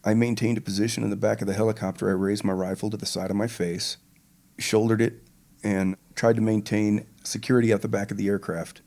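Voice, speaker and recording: Older guy with a really deep voice, slow vivid war story on a podcast. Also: vocal fry, darkish tone. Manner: slow, measured retelling with vivid detail. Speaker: podcast guest, retired pararescueman. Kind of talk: interview storytelling.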